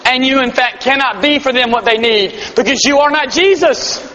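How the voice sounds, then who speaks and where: A man's voice: extremely high pitch, moderate pace, bright, forceful tone, a little hiss or hum. A man preaching a sermon to a live audience, earnest and emphatic, with self-deprecating humor. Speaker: pastor. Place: large hall before a live audience. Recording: dull hall-echo live recording.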